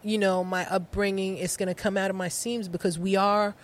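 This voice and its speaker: A woman's voice: medium pitch, a little fast. A middle-aged woman from New York, a podcast guest telling personal stories with frequent laughter. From New York, United States. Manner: animated storyteller, laughs often. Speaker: guest, poet and author. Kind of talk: casual conversation.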